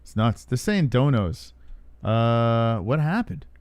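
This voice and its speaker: A man with a mid-pitched voice hosts a stream in casual chat. He sounds excitable and swears freely, recorded dry and close. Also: slow, no room sound. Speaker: stream host.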